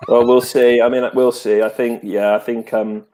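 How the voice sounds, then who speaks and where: A man in his thirties co-hosting a live show, relaxed and self-mocking with lots of hesitant fillers. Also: mid-range voice, normal speed. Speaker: co-host. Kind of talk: casual live show chat.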